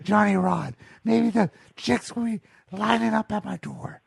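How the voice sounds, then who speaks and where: Hoarse, gravelly man hosting a podcast. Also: high voice, steady tone, unhurried, no echo. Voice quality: raspy, gravelly. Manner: loose, profane banter. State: hoarse, strained voice. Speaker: podcast host. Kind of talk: casual chat.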